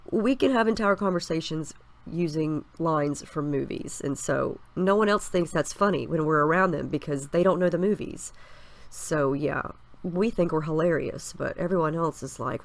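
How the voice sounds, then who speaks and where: A woman with a stuffy cold, chatting upbeat through her scrapbooking steps in a casual voice-over. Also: on the low side. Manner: chatty and upbeat, explaining each step. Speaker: scrapbooking crafter. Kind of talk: casual process video voice-over.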